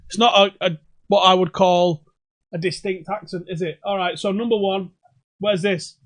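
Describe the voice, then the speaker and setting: A man's voice: high voice, fairly even intonation, moderate pace. A young man hosting a pub quiz livestream from home, jokey and sweary as he reads out comments on a desk microphone. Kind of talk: casual livestream banter.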